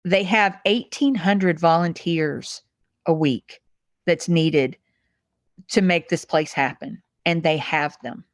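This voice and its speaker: Middle-aged woman talking from the heart, a bit low, stops and restarts a lot, dry sound. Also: dry recording. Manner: heartfelt, halting with repeated restarts. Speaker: guest, massage supplies executive. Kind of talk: emotional interview conversation.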